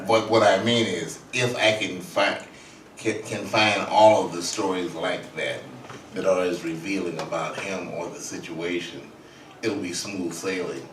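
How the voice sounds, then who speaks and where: A man's voice: low-pitched, unhurried, a little hiss or hum. A man speaking as an author and guest at a public talk, telling a story at a leisurely pace and acting out the quotes. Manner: leisurely, animated storyteller who acts out the quotes. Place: event hall. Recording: roomy hall audio from a distance.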